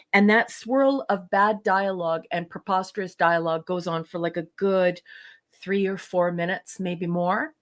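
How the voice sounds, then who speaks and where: A woman co-hosting a casual podcast, reviewing a TV episode in a gushing, rambling way with many fillers. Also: lowish voice.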